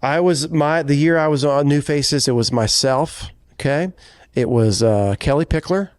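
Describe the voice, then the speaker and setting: Another podcast co-host who is a country singer talks in a relaxed, rambling way, often correcting himself. He speaks fairly high at a moderate pace, with a clear, resonant tone. The recording is studio quality with no echo.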